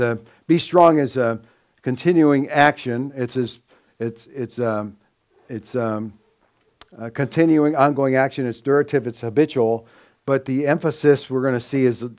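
A man's voice: medium pitch, fairly even intonation, moderate pace, darkish tone. A man preaching an expository sermon, teaching earnestly and lifting his voice to stress quoted scripture. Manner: earnest teaching with frequent fillers and restarts, rising emphasis on quoted scripture.

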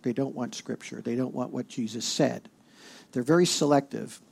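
A man's voice: mid-range voice, moderate pace, creaky, a little mellow, slightly rough. A male pastor preaching a sermon, emphatic and rising in force as he reads scripture aloud.

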